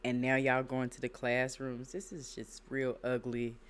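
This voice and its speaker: Woman, reaction host, smooth, emphatic, repetitive. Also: a bass voice, monotone, unhurried. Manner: emphatic, preachy, repeats phrases. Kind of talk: casual commentary.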